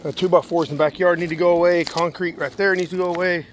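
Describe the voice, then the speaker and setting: A man's voice: high-pitched, steady tone, fast. A man walking around a house and yard, listing the repairs still to be done in a matter-of-fact way. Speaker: property manager doing a walkthrough. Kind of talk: casual spoken inspection notes. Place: outdoors around a house and yard, then indoors. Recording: faint background noise.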